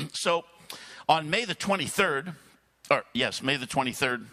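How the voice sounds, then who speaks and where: A man tells a long church story, his fairly high voice leaping up and down with animation. His tone is bright and forceful, and he keeps stopping to clear his throat between anecdotes. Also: expressive, a little slow. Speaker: guest speaker. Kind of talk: sermon storytelling.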